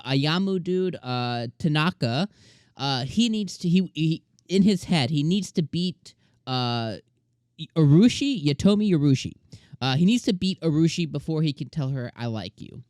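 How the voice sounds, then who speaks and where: A man's voice: fairly high pitch, darkish tone, no room sound, studio quality. A young man hosting an anime review show, talking casually and animatedly with lots of slang and filler words.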